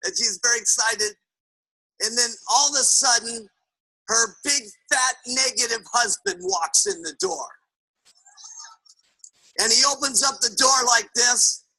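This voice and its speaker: Raspy guy doing a pep talk for sellers, high bright voice, lots of okays. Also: unhurried, long pauses, poor audio. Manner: emphatic storytelling, keeps asking "okay?". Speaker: sales trainer. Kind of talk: motivational sales talk.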